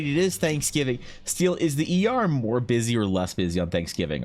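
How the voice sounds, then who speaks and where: Laid-back low-voiced Canadian streamer. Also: male voice. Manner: rambling, loose and profane, reads chat aloud. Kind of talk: casual chat while drawing.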